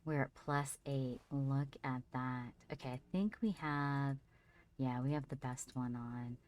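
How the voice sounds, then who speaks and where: A woman's voice: very deep voice, fairly even intonation, unhurried, darkish tone. A woman streaming a survival game, chatting casually with her viewers and fondly talking to her character as she plays. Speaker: livestreamer. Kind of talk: casual gameplay commentary.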